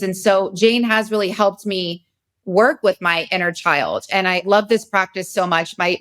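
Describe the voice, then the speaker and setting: Sounding very tired, a woman in her forties hosts a podcast and shares a personal story, candid, emotional, and meandering. Her voice is lowish with a fairly bright tone.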